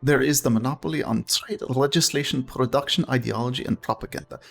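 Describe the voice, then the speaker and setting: Casting: a man doing a pompous Russian-accented dictator, gravelly and husky, lecturing. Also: mid-range voice, fast talker, fairly bright tone. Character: stern male Soviet dictator lecturing on communism. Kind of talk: reading game dialogue aloud.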